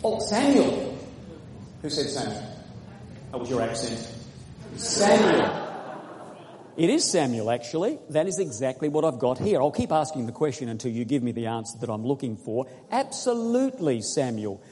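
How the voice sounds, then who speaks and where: A man preaching a sermon, quizzing his congregation and reading scripture slowly and earnestly. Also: mid-range voice, sing-song, mellow. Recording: echoey hall recording.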